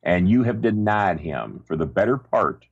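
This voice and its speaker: A man's voice: deep voice, animated, moderate pace, breathy edge, muffled recording. A man guesting on a comedy podcast, talking in a theatrical, announcer-like, mock-sentimental way.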